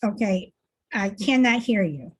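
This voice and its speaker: A woman's voice: mid-range voice, animated, unhurried, slightly rough. A woman hosting an online discussion over a video call, patiently checking whether her caller can be heard.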